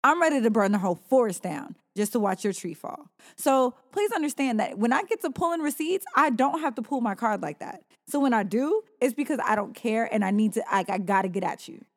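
Female co-host, fairly high voice, blunt and emphatic, reverb on the recording. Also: expressive, fairly quick, few pauses. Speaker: podcast co-host. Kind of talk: casual chat.

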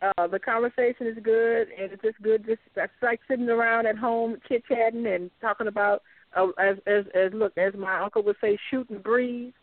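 Woman from Louisiana, relaxed guest who circles back on her words, heard over a dry telephone line. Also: on the high side, a little fast, no room sound. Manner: repeats words, easygoing. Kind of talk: casual interview chat. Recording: dry, tinny phone line.

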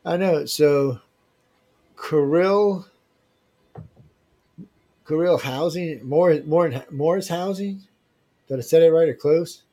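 A man's voice: a little high, unhurried, dark tone. Joking, teasing male livestream host. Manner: joking, teasing, loose with slang. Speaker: livestream host running a giveaway. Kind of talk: casual live chat reading viewer emails.

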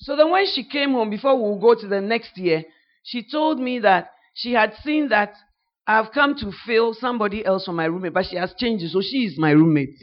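Woman preacher, lively and quick storytelling, dull lo-fi recording. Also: mid-range voice. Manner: animated storyteller, voice rising to near shouts. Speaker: guest preacher. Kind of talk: sermon testimony with live interpretation. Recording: dull lo-fi sound.

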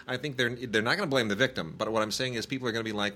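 A man's voice: mid-range voice, steady tone, rapid-fire, few pauses, sharp tone. A man in his thirties, a podcast co-host, chatting casually about movies and rambling with many restarts. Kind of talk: casual chat reviewing movies.

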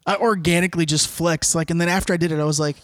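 Joking, boastful man with a higher voice. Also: steady tone, rapid-fire, fairly bright tone, no echo. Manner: joking, boastful, laughs often. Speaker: podcast co-host. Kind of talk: casual banter.

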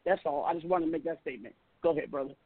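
A man's voice: fairly high pitch, rapid-fire, dry recording. A man hosting a talk show, cutting in to moderate and state his own view. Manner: interjecting, moderating. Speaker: host. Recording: tinny phone-line audio.

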